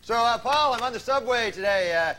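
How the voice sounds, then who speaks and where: A man doing a live stand-up bit, telling a story in a halting way and laughing at his own jokes. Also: very high-pitched, animated. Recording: noisy live crowd recording, far from mic. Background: loud crowd and noise.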